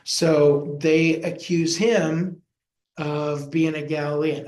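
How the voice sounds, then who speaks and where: Male pastor, folksy Bible teaching, slow unhurried delivery, roomy echo. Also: a little high, steady tone, a little mellow. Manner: folksy, acts out quoted voices. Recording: echoey room.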